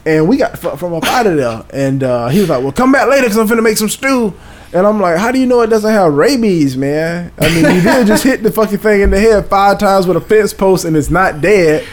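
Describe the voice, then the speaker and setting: A man, telling a story in casual chat, animated and profane, acting out voices and sounds. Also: high-pitched, brisk, hardly any pauses.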